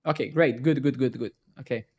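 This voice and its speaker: A man live-streaming his coding, ranting and swearing in a casual way, tagging his sentences with "right?" and "man", then muttering quietly as he debugs. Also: medium pitch, fairly quick, slightly rough.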